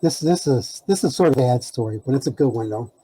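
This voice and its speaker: A man's voice: medium pitch, animated, fast, dark tone, a little hiss or hum, low-quality recording. A man telling a rambling story as a podcast guest, full of fillers and laughs. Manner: rambling, many "you know" fillers, laughing. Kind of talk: casual storytelling.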